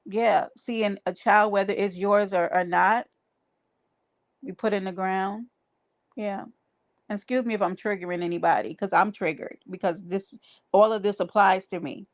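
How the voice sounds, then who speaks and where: A woman hosting a livestream, talking to her chat in an emphatic, preachy way and repeating her phrases. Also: medium pitch. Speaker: livestream host. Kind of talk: casual livestream talk to chat.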